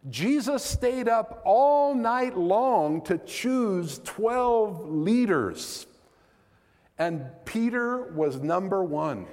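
Man, pastor, sermon, high voice, earnest, conversational, reverberant sanctuary. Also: a little mellow. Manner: earnest, conversational preaching with rhetorical questions.

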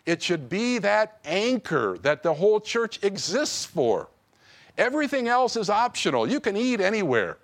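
A man preaching a sermon to his congregation, slow and emphatic. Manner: slow, emphatic preaching with wide swings of pitch. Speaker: pastor.

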